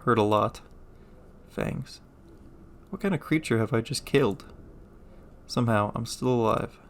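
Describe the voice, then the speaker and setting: A man playing a game, reading its text aloud with deadpan, joking asides. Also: medium pitch, unhurried, slight background noise. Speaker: gamer.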